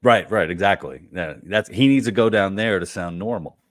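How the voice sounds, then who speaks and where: A man, a comedian, telling personal stories in relaxed conversation, halting with lots of fillers and repeated words. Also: sits low, a little hiss or hum. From United States. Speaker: comedian guest.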